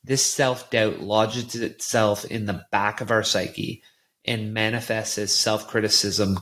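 A man hosting a podcast interview, earnest and halting, often restarting his sentences. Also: fairly low pitch, flat delivery, a bit bright. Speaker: podcast host. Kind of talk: conversational interview.

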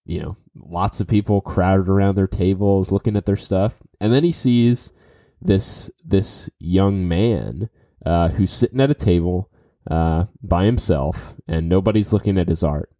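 A man's voice: low-pitched, warm tone, no room sound, clean studio sound. A man telling a casual story full of fillers and restarts, giving tips to business listeners. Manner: rambling, with many fillers and restarts.

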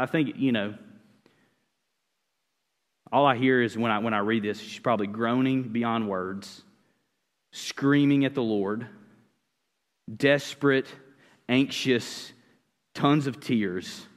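A man's voice: medium pitch, measured pace, pauses often. A man preaching a sermon as pastor, earnest and conversational, often restarting his sentences. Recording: long reverb of a church hall.

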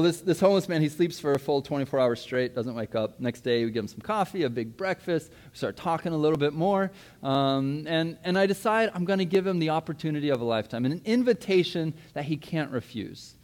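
A man in his thirties, a pastor giving a sermon, telling a personal story in a lively way and acting out his own past words. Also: on the high side, a little fast. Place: church.

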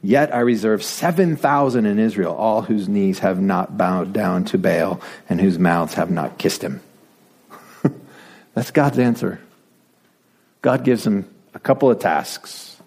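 A male pastor preaching a sermon in a playful, animated way, dropping to whispered asides as he acts out the story. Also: fairly low pitch, slow pace, husky.

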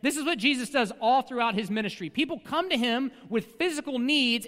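A man's voice: very high-pitched, a bit bright, big-room sound. A man preaching a sermon as a pastor, talking in a conversational way with frequent rhetorical asides.

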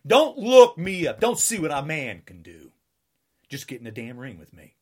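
A man in his sixties rants in a combative, taunting way and keeps hammering the same lines. His pitch swings wildly between high and low as he goes. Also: sing-song, moderate pace, husky. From United States. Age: 60s. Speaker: political ranter. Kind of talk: angry political rant.

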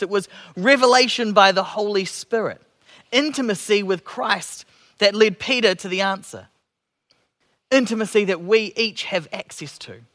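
A man with a high-pitched voice preaches a sermon. He speaks slowly and reflectively, and his phrases drop softly at the ends.

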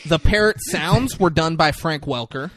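A man's voice: fairly high pitch, measured pace, fairly bright tone, dry recording. A man casually recapping a movie on a podcast, swearing, laughing and acting out the characters' lines. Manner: profane, laughing, acts out scenes. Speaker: podcast co-host.

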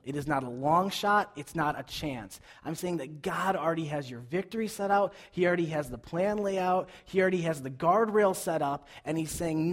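A young pastor preaches in a church with an easy, conversational tone. His voice sits at a middle pitch, dropping soft and low for quiet points and then climbing into loud, excited calls to the room. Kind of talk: sermon.

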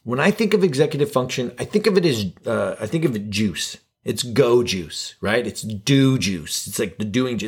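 A man's voice: mid-range voice, breathy edge. A man hosting a podcast alone, talking in a casual, rambling and self-deprecating joking way. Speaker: podcast host. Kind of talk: casual solo podcast monologue.

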